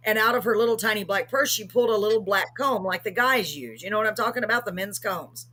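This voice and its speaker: Husky woman hosting a live show. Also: mid-range voice, fast, sharp tone. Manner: rambling, full of ums and self-corrections. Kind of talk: casual storytelling.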